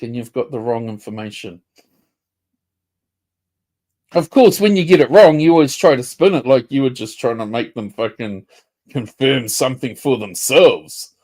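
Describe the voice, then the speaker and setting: A man's voice: medium pitch, animated, a little fast, a little mellow. A man ranting confrontationally on a casual livestream, swearing and repeating himself. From New Zealand.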